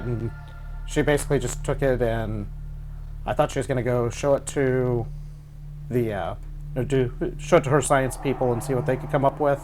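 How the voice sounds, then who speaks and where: A man playing a tabletop role-playing game, speaking in a halting way with many pauses. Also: mid-range voice, a little mellow. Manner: hesitant, halting with many uhs. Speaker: player. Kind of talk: tabletop role-play, in character. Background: background music.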